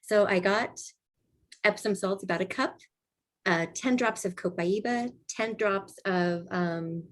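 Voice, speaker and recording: A woman co-hosting a casual wellness chat, telling lively personal anecdotes and acting out what people said. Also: medium pitch, slow pace. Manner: lively anecdotes, acts out quoted voices. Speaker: co-host of a wellness group chat.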